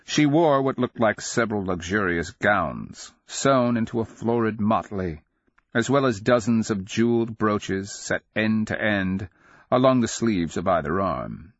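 A man narrating a fantasy audiobook in a measured, dramatic storytelling manner. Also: fairly low pitch, animated, dry recording, lo-fi sound.

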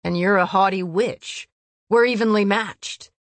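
A woman reading the lines of a fierce winged male warrior with icy, controlled fury, speaking in a low, clipped, intense way. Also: steady tone, measured pace, dry recording, natural voice.

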